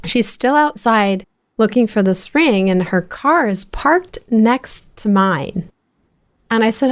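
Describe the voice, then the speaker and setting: Chatty, animated woman podcast host. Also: fairly high pitch, takes it slowly. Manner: animated storyteller with many restarts. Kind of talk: casual interview chat.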